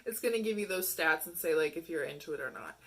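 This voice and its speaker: A woman's voice: deep voice, expressive, fast, a bit bright. A young woman vlogging casually, telling frank, profane stories and mocking messages with bursts of laughter. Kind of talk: casual storytelling to camera.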